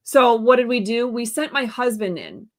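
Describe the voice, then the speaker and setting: Animated woman, a touch high-pitched. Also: moderate pace. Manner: animated, exasperated retelling with quoted dialogue. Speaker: guest, stand-by counsel. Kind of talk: casual interview storytelling. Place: live stream, remote.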